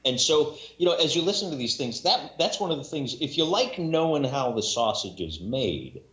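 A man's voice: mid-range voice, sing-song, moderate pace, a bit bright. A man in casual podcast chat about narrating audiobooks, rambling with many restarts and self-mocking asides. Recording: echoey room, dull lo-fi sound.

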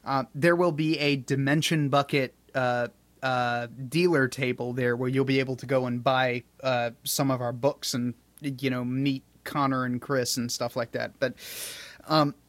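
A man hosting a casual podcast chat, blunt and profane, animated as he vents. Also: medium pitch, unhurried, dry recording. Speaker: podcast host and author.

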